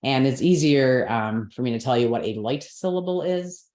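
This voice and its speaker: In a room with noticeable echo, a woman explains Sanskrit pronunciation rules to her class at a moderate pace. Her voice is extremely low and a little mellow, and she patiently makes sure everyone follows, often asking "right?" and saying "okay".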